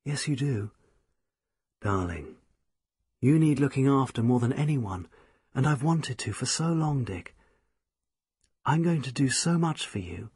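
A man's voice: medium pitch, expressive, measured pace, pauses often, a little mellow, husky, no room sound, studio quality. A man voicing a young woman, an earnest and devoted music student, in an audiobook reading. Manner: eager, tender, pleading. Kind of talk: audiobook character voice.

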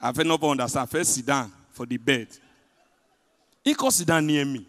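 A man with a Nigerian accent performing a stand-up comedy set in pidgin, telling stories with big swings between loud punchlines and hushed asides. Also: medium pitch, moderate pace. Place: large hotel event hall. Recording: live hall reverb.

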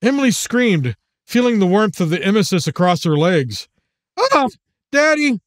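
A man narrating his own audiobook in a measured, even storytelling manner. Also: high-pitched, no room sound, studio quality.

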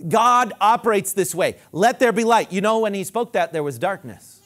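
High-voiced, lively preaching pastor. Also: male voice, moderate pace. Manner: emphatic preaching with repeated phrases. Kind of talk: sermon.

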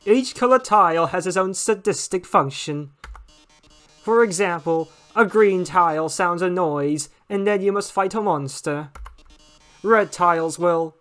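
A man voicing a flamboyant male robot TV star with a theatrical, drawn-out, mock-tragic delivery. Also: sits high, a bit bright, soft background music, pitched above the performer's own voice.

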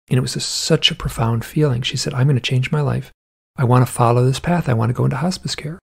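An interview guest with a medium-pitched, steady voice talks fast with vocal fry, his tone a little mellow and slightly rough. He tells a rambling, casual story packed with "like" asides, acting out the voices of the people in it.

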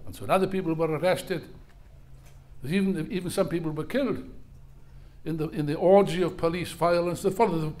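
A man's voice: high-pitched, brisk. An older man giving an impassioned speech at a political rally, emphatic and hammering key phrases through repetition. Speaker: rally speaker.

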